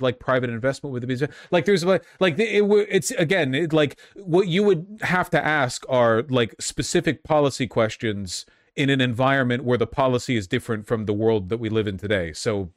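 A man's voice: medium pitch, no room sound. Rambling sarcastic man commenting. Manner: rambling, dry sarcastic asides with many "like"s. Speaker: streamer reacting to a debate clip. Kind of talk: casual commentary.

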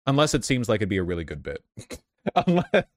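Blunt, sardonic low-voiced man. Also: big pitch swings, brisk, no echo, studio quality. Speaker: political streamer. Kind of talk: casual political commentary.

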